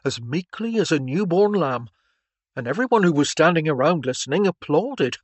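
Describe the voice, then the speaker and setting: A man reading an audiobook, voicing a gentle father telling his small daughter a story. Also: fairly high pitch, animated, normal speed, no echo. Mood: fond. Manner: fond storytelling tone to his child. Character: gentle father, a former soldier.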